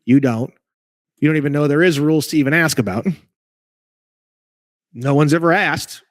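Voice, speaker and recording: A man's voice: on the high side, normal speed, no room sound, studio quality. A man ranting in casual conversation over a video call, emphatic, rambling and profane, as a guest legal researcher.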